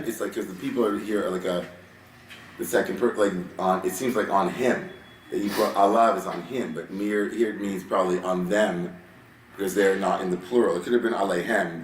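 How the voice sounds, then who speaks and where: A man's voice: on the low side, slight background noise. Man teaching Torah in a roomy hall. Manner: animated, reads Hebrew verses then explains in casual English. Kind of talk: Torah study sermon. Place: synagogue sanctuary. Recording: roomy sound from a distance with faint ambience.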